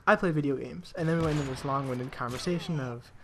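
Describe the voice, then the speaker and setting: A man's voice: mid-range voice, fast, noisy background. A young man telling rambling work stories in casual commentary over a video game, with restarts and the odd swear. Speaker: gaming commentator.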